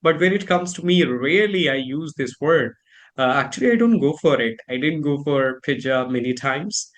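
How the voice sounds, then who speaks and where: A man's voice: a little high, animated, moderate pace. A young man with an Indian English accent, chatting through a pronunciation lesson in a rambling, filler-heavy way. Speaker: host learning pronunciation. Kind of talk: casual conversational lesson.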